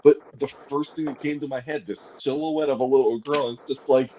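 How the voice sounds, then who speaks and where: A man's voice: medium pitch, fairly even intonation, fairly quick, mellow, highs cut off, a little hiss or hum. A man chatting casually as a podcast co-host, telling rambling, self-mocking stories and laughing often. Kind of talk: casual chat.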